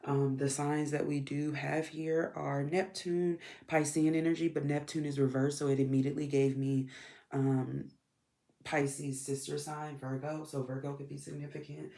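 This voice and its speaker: Stuffy gravelly woman reading cards. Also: deep voice, level tone, normal speed, warm tone. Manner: rambling with frequent ums, talks while shuffling cards. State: stuffy, congested. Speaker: tarot and astrology reader. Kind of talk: casual card reading to camera.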